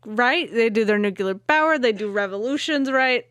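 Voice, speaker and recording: A woman's voice: on the high side, lively intonation, normal speed, fairly bright tone, smooth, no room sound, clean studio sound. A woman co-hosting a podcast, chatty and opinionated, often saying "like". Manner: chatty, opinionated, uses filler "like". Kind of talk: casual podcast chat.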